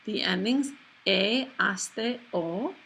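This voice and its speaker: A woman teaching a recorded lesson over slides, explaining patiently and slowing down for examples. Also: mid-range voice, creaky, fairly bright tone, a little hiss or hum. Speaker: Spanish teacher.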